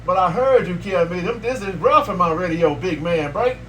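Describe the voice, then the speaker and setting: A man's voice: high-pitched, animated, moderate pace, a bit bright, recorded from a distance, a little hiss or hum. A man chatting on a CB radio, calling out handles and repeating himself in slangy back-and-forth banter. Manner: repetitive, slangy call-and-response banter. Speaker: CB radio operator.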